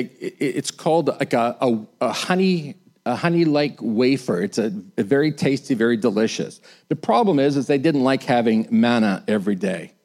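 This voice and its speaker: A man preaching a sermon. He is animated, rises to emphatic bursts, and acts out quoted lines. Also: mid-range voice.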